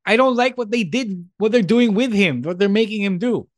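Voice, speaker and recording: A man's voice: high voice, expressive, moderate pace, no room sound, clean studio sound. A man co-hosting a podcast in casual chat, switching between English and Tagalog and laughing often. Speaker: podcast co-host.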